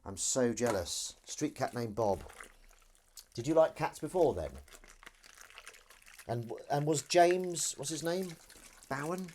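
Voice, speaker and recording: A man hosts a relaxed live stream from his kitchen while he does the washing up. He rambles in a self-deprecating way and reads viewer comments aloud. His voice moves up and down a lot, and faint kitchen noise sits behind it. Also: a little high, slow, long pauses. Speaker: livestream host. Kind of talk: casual live-stream chat.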